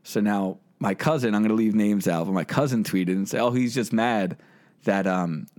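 A man's voice: lowish voice, moderate pace. A podcast host telling a story in a casual chat. He swears freely and acts out the lines he quotes. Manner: animated, swearing, acting out quotes.

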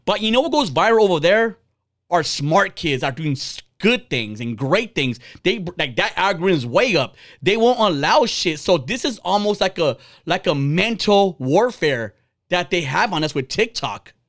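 A man's voice: high-pitched, sing-song, normal speed, a bit bright. A man in his forties hosting a podcast, ranting bluntly and heatedly with lots of swearing. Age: 40s. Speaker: podcast host. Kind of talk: casual ranting podcast talk.

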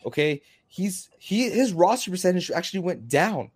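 A man co-hosting a podcast in an animated, emphatic way, chatting and hyping his picks. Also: sits high, normal speed, slightly rough. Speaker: podcast co-host. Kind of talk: casual fantasy football chat.

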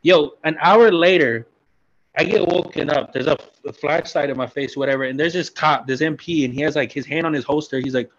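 A man's voice: fairly high pitch, fairly quick. A man in casual chat telling a blunt, profane story from his army days. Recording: dull lo-fi sound.

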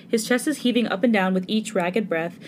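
A woman's voice: mid-range voice, fairly quick, slight background noise. A woman narrating a fanfic aloud in a casual way, laughing now and then. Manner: casual, breaks into laughter while reading. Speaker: fanfic reader.

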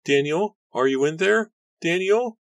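A man's voice: deep voice, moderate pace, no room sound, natural voice. A man voicing a desperate young woman who cries out and pleads as she runs, in an audiobook reading. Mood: frantic. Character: desperate young woman running toward a fire. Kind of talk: audiobook character voice.

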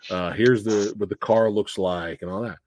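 A man's voice: fairly low pitch, fairly even intonation, normal speed, darkish tone, dull audio. A man hosting a podcast, chatting casually about movies and ranting with exasperation and profanity. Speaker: podcast host.

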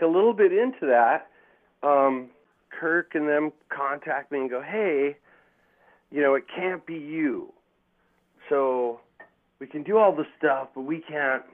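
A man telling rambling, profane stories as a guest in casual chat, acting out quotes with lots of swearing. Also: a little high. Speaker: podcast guest. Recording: tinny phone-like line.

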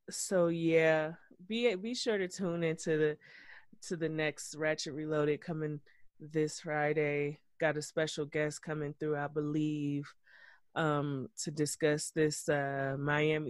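A man co-hosting a podcast, recapping reality TV in an animated, gossipy way with plenty of cursing. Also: on the high side, slow, smooth, dry recording, clean studio sound. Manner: animated, gossipy, profane storytelling. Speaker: podcast co-host. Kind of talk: casual reality-TV recap chat.

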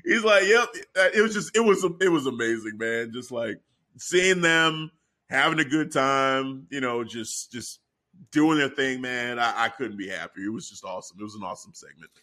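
A man co-hosting a casual chat, excitable and acting out quotes with lots of laughter. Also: mid-range voice, normal speed. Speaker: wrestling podcast co-host.

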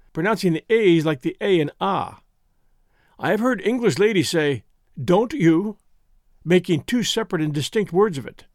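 A man reads a classic essay aloud in a measured, dry manner. His voice sits high and moves with lively, animated pitch. The recording is close and dry, with no room sound. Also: no room sound. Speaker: narrator reading a classic essay. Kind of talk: scripted narration.

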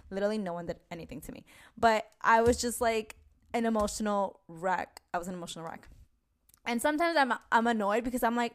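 A young woman from New talks in a loose, rambling podcast chat. She fills her talk with "like" and "um", restarts her sentences and swears casually. Her pitch sits in the middle of the usual range for women. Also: brisk. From New York. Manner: chatty, swearing, many fillers and restarts. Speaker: podcast host.

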